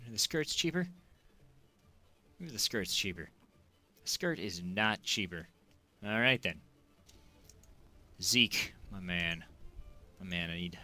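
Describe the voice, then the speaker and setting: A man giving excitable gameplay commentary, exclaiming and joking as he plays. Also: low-pitched. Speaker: gaming video creator.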